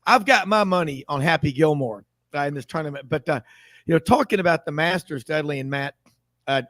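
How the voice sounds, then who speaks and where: A man's voice: fairly high pitch, brisk, fairly bright tone, no echo. A man hosting a sports talk radio show, chatty and rambling, laughing often.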